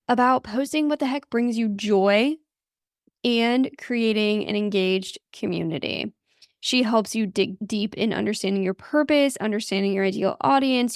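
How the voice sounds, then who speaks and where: A woman hosting a podcast, wrapping up an episode in a chatty, upbeat way, her voice tired and full of vocal fry. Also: on the high side, dry recording, clean studio sound. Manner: chatty and upbeat, laughs at herself. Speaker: podcast host. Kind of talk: podcast outro and shout-out.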